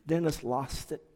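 Slow, earnest man telling a testimony. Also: a little high, big-room sound. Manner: slow, earnest storytelling that swings from hushed to loud. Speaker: speaker giving a testimony. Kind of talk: personal testimony talk.

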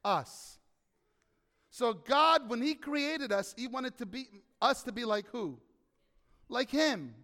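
High-voiced preacher in an echoing hall. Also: male voice, a little slow. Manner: animated, asks the congregation questions. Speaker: pastor. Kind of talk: sermon.

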